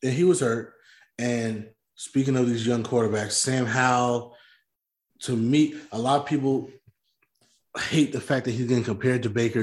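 A man's voice: mid-range voice, steady tone, moderate pace. Man, podcast co-host, casual sports talk, argumentative, echoey room. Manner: argumentative, explains at length.

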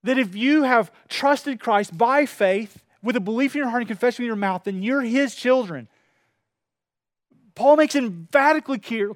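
Male preacher, high voice, impassioned sermon delivery, dry close mic. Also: fairly bright tone, dry recording. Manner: preaching with rising intensity, acting out quoted voices.

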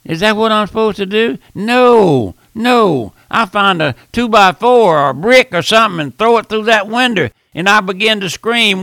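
Male pastor, fiery radio sermon delivery, high gravelly tone. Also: lively intonation, normal speed, hardly any pauses, no room sound. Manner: fervent preaching, swings from pleading hush to shouting.

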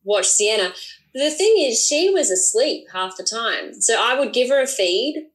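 Relaxed woman sharing stories. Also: on the high side, moderate pace, rough recording. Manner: relaxed, candid anecdotes. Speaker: DJ and guest. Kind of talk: casual chat.

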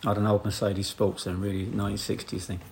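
Rambling photographer telling a story. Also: male voice, fairly low pitch, quick pace, vocal fry. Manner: animated, rambling, laughs often. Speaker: photographer guest. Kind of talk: anecdote in casual chat.

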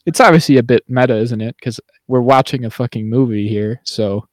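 A man co-hosting a podcast in casual chat. He laughs often and jumps higher when he acts out characters' lines. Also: a little fast, no room sound, clean studio sound. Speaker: podcast co-host.

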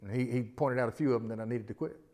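A middle-aged man preaching a sermon, moving between loud emphatic passages and quiet personal storytelling. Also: mid-range voice, very fast. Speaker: pastor.

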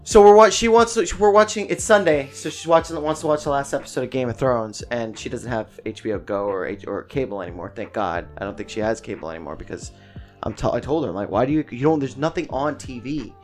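A man's voice: mid-range voice, fast, faint music behind. A young man co-hosting a podcast, telling a family story in casual chat, swearing often and acting out what others said. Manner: animated, swears a lot, acts out family quotes. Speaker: podcast co-host.

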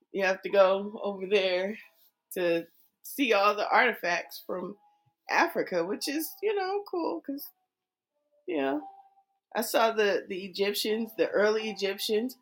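A woman's voice: mid-range voice, fairly bright tone. An American woman chatting casually as a co-host, rambling and laughing easily. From United States. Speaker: co-host answering a chat. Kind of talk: casual chat. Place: home, on the East Coast.

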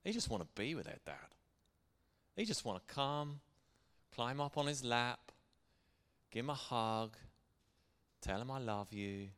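A man's voice: medium pitch, very animated, measured pace, long pauses, a bit bright. A middle-aged man preaching a sermon as pastor, speaking in an earnest, conversational way. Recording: long hall reverb.

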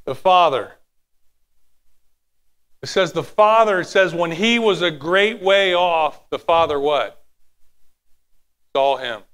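A man delivering a sermon in a high, bright voice. He is animated, sometimes drops to a hushed tone and acts out little quotes as he preaches. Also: slow pace, pauses often, smooth. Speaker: pastor.

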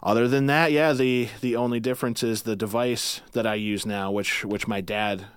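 A man's voice: mid-range voice, steady tone, moderate pace, clear, resonant tone, no room sound. A man chatting casually as a podcast guest, loose and joking, laughing often and slipping into impression voices.

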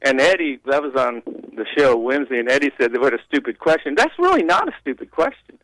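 A man's voice: mid-range voice, very animated, fairly quick, fairly bright tone, dry recording, rough recording. A man, a regular guest on a talk radio show, giving opinionated commentary with mocking asides. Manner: opinionated, mocking quoted voices, rambling restarts.

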